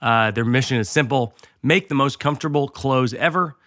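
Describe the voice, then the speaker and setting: A man's voice: mid-range voice, normal speed, a bit bright, dry recording, clean studio sound. A man hosting a comedy podcast, talking loosely and jokingly, also reading ads in a casual way. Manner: loose, joking, riffs on his own radio voice. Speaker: podcast host.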